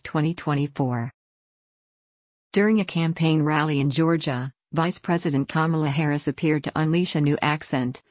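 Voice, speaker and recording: A woman reading a news article aloud in a steady, scripted way. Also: deep voice, dry recording. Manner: even, read-aloud delivery. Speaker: news reader.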